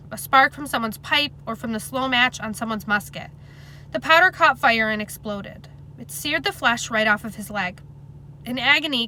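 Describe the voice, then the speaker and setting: A woman reads a novel chapter aloud in a slightly high voice with a bright, sharp tone. Her delivery is plain, steady and conversational, and the rough recording carries a faint hum of noise behind her.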